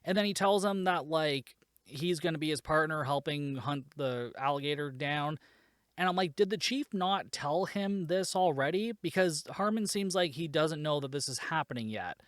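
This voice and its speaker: A man's voice: a little high, normal speed, fairly bright tone, no echo, studio quality. A man hosting a podcast, recapping a film in a casual, rambling way, exasperated and swearing, with lots of fillers. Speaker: podcast host.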